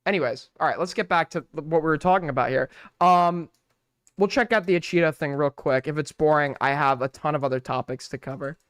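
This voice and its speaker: A young man hosting a stream, reacting and bantering casually with a loud, jokey, profane manner. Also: a little high, a little fast, smooth, no room sound, clean studio sound. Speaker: streamer host.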